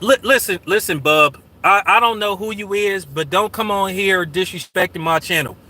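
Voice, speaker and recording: A man talks on his livestream in a high, piercingly bright voice. He is profane, slangy and combative, calling out chat and telling his moderators to remove people. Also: moderate pace. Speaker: channel host. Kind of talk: casual livestream talk.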